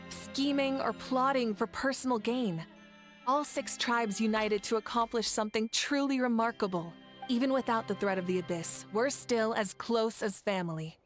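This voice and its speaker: A woman's voice: a little high, lightly acted. A woman voicing a confident female leader in a game, making ceremonious announcements. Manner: commanding, ceremonious, warm. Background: game music.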